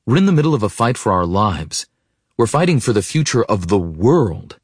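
A man with a very low, deep voice reads a first-person novel in a reflective, intimate tone, often sinking to a hush. The recording is dry and close, with no room sound. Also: very animated, normal speed, husky, dry recording. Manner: reflective, intimate, softening to hushed. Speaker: audiobook narrator. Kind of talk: first-person audiobook narration.

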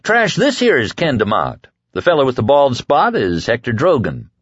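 A man's voice: mid-range voice, wildly swooping pitch, moderate pace, slightly rough, no room sound, lo-fi sound, voice pushed up. Man doing a crude, hearty gang leader. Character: rough-talking gang leader welcoming a newcomer.

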